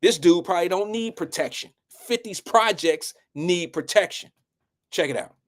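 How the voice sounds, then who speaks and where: A man's voice: high-pitched, lively intonation, normal speed. A man hosting a live show, giving blunt and preachy casual commentary.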